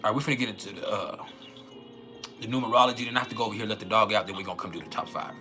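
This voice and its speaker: A man's voice: on the low side, rapid-fire, pushed and bright, faint music behind. Joking, profane man on a livestream. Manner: joking, profane, laughs often. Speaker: astrology livestream host. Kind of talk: casual livestream chat.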